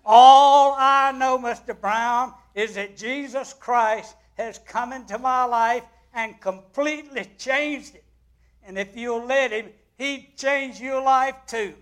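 A man's voice: fairly high pitch, level tone, normal speed, lightly acted. A man preaching plays a sweet, naive young woman nurse who speaks earnestly and pleads with a patient in a sermon story.

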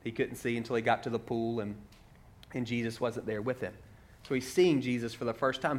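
A man's voice: mid-range voice, fairly even intonation, fairly quick. A man preaching a sermon in a conversational way, walking through a story and asking many rhetorical questions.

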